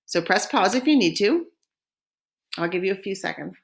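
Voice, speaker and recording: Lady teaching a french lesson, says the phrases slow and clear for you to repeat. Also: medium pitch, expressive. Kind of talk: recorded language lesson.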